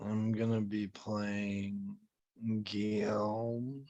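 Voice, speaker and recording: A man's voice: fairly low pitch, little pitch movement, extremely slow, warm tone, no echo, highs cut off. A man introducing himself as a player in a tabletop game, playful and self-deprecating. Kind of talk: casual intro with a mock French accent.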